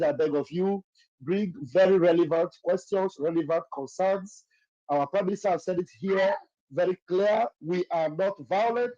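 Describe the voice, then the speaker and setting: A man's voice: on the high side, mellow, no echo. A man with a Nigerian accent moderating an online audio session, hesitant and full of fillers. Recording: dull, dry lo-fi online audio.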